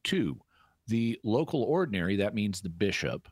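Deep-voiced man explaining carefully. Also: very animated, breathy edge, dry recording. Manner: measured, explanatory, occasional restarts. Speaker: guest answering listener questions on faith. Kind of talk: radio Q&A explanation.

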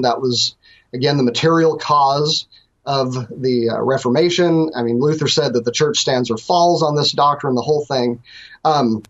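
Man, guest theologian, thoughtful halting explanations, slightly husky, muffled sound. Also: medium pitch. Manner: thoughtful, hesitant, many ums and restarts. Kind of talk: explaining on a call-in show.

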